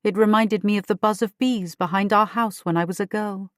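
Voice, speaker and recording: A woman reads a first-person audiobook in a measured storytelling manner. Her voice is mid-pitched, recorded dry and close. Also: fairly even intonation, no room sound. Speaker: audiobook narrator.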